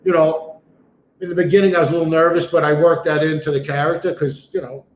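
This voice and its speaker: A man's voice: on the high side, fast talker, roomy sound, slight background noise. A man, an actor guest telling stories in a casual interview with lots of fillers. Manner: animated storyteller, many fillers. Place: remote video call.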